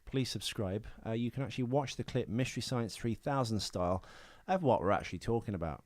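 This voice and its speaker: A man's voice: mid-range voice, fairly quick, darkish tone, no echo. A young man hosting a casual podcast, teasing his co-host with dry banter.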